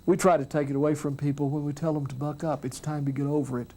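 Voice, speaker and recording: Mellow-voiced man, earnest and reflective. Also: on the high side, level tone, fast. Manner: earnest, reflective, often drops soft and quiet. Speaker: minister speaking on hospice and grief. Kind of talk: storytelling talk.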